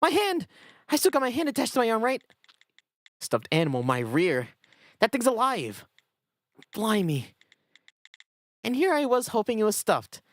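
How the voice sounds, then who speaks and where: A woman's voice: fairly high pitch, huge pitch swings, moderate pace, pauses often, no echo, pitched above the performer's own voice. A woman voicing a blunt young British investigator in a put-on British accent. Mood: alarmed. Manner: blunt, exclaiming.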